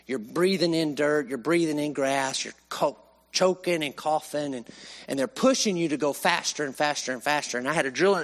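A man preaching a sermon, swinging from raised emphasis to hushed, slow lines. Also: a little high. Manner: animated, with sudden rises and hushed drops.

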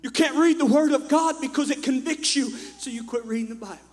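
A man with a very high voice preaches to his church, swinging from quiet asides into impassioned shouting. His voice carries a long reverb from the hall. A faint electrical hum sits underneath. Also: quick pace. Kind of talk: sermon. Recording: echoey hall with mains hum.

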